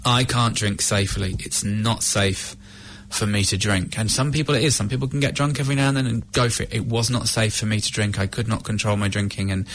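A middle-aged man from the UK telling his own recovery story in a candid, halting, reflective way. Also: on the low side, fairly even intonation, fairly bright tone. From United Kingdom. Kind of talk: personal testimony.

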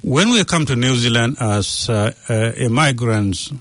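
A man talking in a measured, explanatory way with hesitant fillers, who brightens to act out quoted voices in his story. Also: medium pitch, animated, no echo. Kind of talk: conversational interview.

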